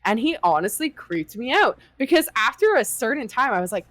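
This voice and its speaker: A woman co-hosting a casual gaming podcast, telling stories in an animated, profane way and acting out quoted lines. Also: a little high, brisk, hardly any pauses, no echo. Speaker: podcast co-host.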